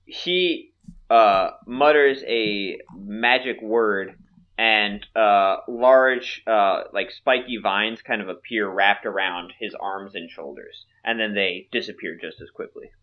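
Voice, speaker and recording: A man narrating a tabletop game as game master, halting with many fillers. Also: lowish voice, dull audio.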